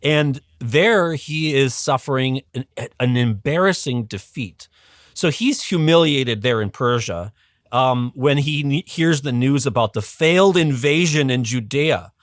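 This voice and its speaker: A man, a podcast guest and religious educator, telling a history in a casual, animated way, with frequent ums and restarts. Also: mid-range voice, measured pace, no room sound, clean studio sound. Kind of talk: casual storytelling explanation.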